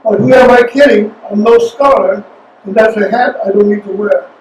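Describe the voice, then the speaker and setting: A man from China giving a poetry reading with spoken asides between poems, talking haltingly with many pauses and hesitations. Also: high voice. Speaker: featured poet. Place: reading venue. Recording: roomy sound from a distant mic, faint noise.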